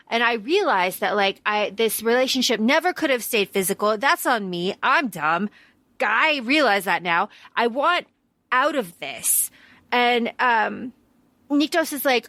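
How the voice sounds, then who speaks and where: A woman's voice: on the high side, lively intonation, a little slow, pushed and bright, no room sound. A woman co-hosting a podcast, playfully recounting book scenes in casual chat, swearing now and then. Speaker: podcast co-host.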